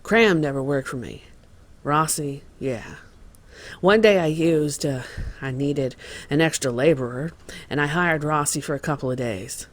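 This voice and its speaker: A man's voice: on the high side, unhurried, a bit bright. A man voicing a male contractor who testifies as a witness in a dramatized reading of court testimony, telling the story in a plain, worried way.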